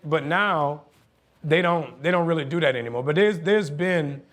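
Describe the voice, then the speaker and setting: A man, telling profane, animated stories as a guest on a casual podcast. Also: on the high side, normal speed. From New Orleans, USA. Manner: animated, profane storytelling with frequent laughter. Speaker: guest actor. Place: podcast studio.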